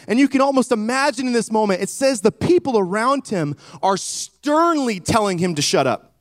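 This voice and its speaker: A man's voice: high voice, lively intonation, moderate pace, dry recording, clean studio sound. A man preaching a sermon with emphasis, retelling a scripture story and calling out to his congregation.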